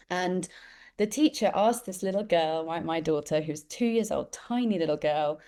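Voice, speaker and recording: A woman, a guest who tells lively stories and acts out the voices of the people she quotes. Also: on the low side, moderate pace. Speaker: interview guest, empathy expert. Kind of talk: conversational storytelling.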